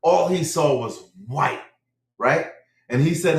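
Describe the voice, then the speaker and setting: A man in a casual livestream chat, telling a story in an animated way and often checking in with "right?". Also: on the high side, slow pace. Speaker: livestream participant. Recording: echoey room.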